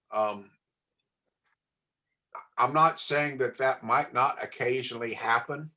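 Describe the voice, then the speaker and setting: Male trainer, even mid voice, talks a class through phone scripts. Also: mid-range voice, takes it slowly, pauses often. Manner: coaching, asks the class questions. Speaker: real estate trainer.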